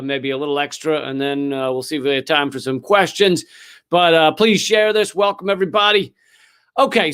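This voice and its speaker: Sarcastic high-voiced man. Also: fairly bright tone, clear, resonant tone. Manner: sarcastic and profane, with frequent fillers. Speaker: livestream host. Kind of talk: ranting commentary.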